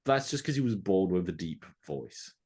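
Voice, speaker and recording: A man's voice: deep voice, sing-song, normal speed, darkish tone, slightly rough. A man co-hosting a casual podcast, dryly reading out and ranking lists of actors. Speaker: podcast co-host. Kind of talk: casual chat.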